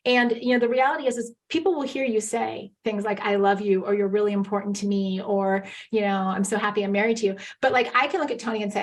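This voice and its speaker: A woman's voice: medium pitch, steady tone, quick pace, hardly any pauses. A woman who coaches couples, a guest on an interview, explaining earnestly and acting out quoted lines. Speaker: marriage coach, podcast guest. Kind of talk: casual interview chat.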